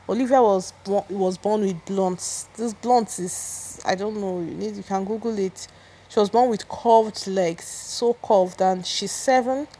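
A woman's voice: medium pitch, a little slow, mellow, husky. A woman giving a chatty, opinionated gossip recap, often restarting her sentences. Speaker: celebrity gossip vlogger.

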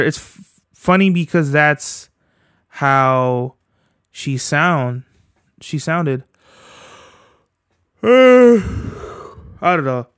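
A man talking on his solo podcast in a loose, rambling, profane way, full of slang. His voice sits a little high for a man and comes across smooth and clear. The sound is close and dry, with no room echo. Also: a bit bright. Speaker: podcast host. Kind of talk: casual solo podcast chat. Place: at home.

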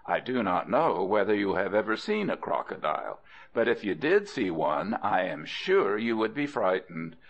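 A man narrating an audiobook of folk tales in an expressive way, speaking directly to the listener. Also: lowish voice, normal speed, muffled recording. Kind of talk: storybook narration.

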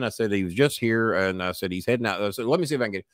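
Fast and expressive, this older man's mid-range, fairly bright voice comes through dry and studio-clean. A podcast guest with a cough, he spins a blunt, profanity-heavy story, swearing freely and doing the voices of the people in it.

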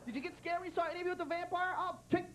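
A man performing a stand-up comedy set on a club stage, loud and animated, swearing and acting out quick voices. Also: extremely high pitch. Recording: live club recording, loud crowd and noise.

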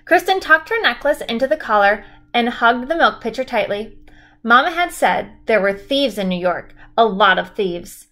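Woman teacher reading a chapter book aloud, steady, clear, slightly high voice. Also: moderate pace.

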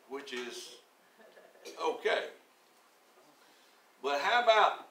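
Preacher, man, 70s: slow, deliberate sermon delivery with a bright, forceful tone, heard in an echoey church from off mic. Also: on the high side, far from the mic. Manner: slow, deliberate storytelling that swells into emphatic preaching. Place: church sanctuary.

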